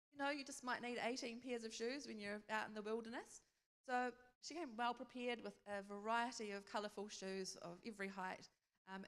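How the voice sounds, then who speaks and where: A woman giving a conversational church talk, telling a personal story and acting out bits of dialogue. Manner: storytelling, acts out dialogue in a higher voice. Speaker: speaker sharing a testimony. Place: church hall. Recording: long hall reverb.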